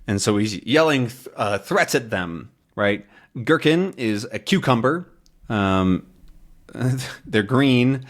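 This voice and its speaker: Man, English teacher, animated pitch, slow plain explanations, reading a comic to beginners. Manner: lively, explains words slowly and plainly. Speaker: English teacher, channel host. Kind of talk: explaining a comic for language learners.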